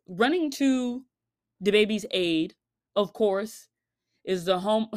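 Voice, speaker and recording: A woman ranting casually to camera in a blunt, profane vlog commentary. She laughs between points and swings from loud outbursts to low mutters. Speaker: commentary vlogger. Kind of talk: casual opinion rant to camera.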